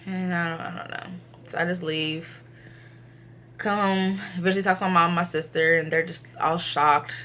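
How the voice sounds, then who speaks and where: Talking straight to camera, a young woman recounts her ultrasound appointment in a relaxed, filler-heavy way. She animatedly plays out other people's lines, though her energy sometimes drops low and subdued.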